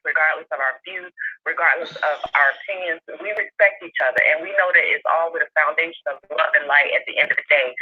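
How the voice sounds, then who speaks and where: A woman in her forties, a guest calling in to a casual chat, speaking in a calm, measured way. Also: low voice. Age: 40s. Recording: dull phone line with faint hiss.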